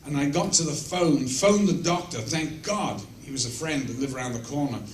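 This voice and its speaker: A man's voice: fairly high pitch, moderate pace. A man answering fan questions at a convention, telling blunt, profane, self-mocking anecdotes in a casual way. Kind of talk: casual storytelling Q&A. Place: large convention room with audience. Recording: roomy echo, mic at a distance, faint noise.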